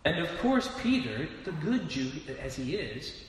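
A man's voice: a little high, very animated, unhurried. A man preaching a sermon in a conversational way, asking rhetorical questions and often restarting his words, in a church hall. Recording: echoey hall with long reverb, faint noise.

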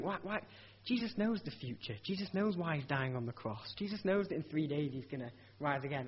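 This male preacher's voice is fairly high and slightly rough. Speaking earnestly and conversationally, he poses rhetorical questions and often starts his sentences over, on a dull lo-fi recording.

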